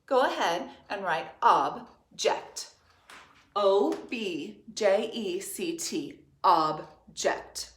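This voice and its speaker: A woman teaching third graders gives a spelling dictation, sounding out syllables and saying each letter slowly and plainly. Her voice sits at an ordinary pitch for a woman. It rings a little in an echoey room. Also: lively intonation, fairly bright tone.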